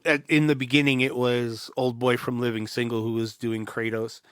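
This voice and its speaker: A man co-hosting a casual podcast chat, talking in a halting way with many pauses. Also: mid-range voice, flat delivery, a bit bright, clear, resonant tone, dry recording. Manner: slow, halting, gives short agreements. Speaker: podcast co-host.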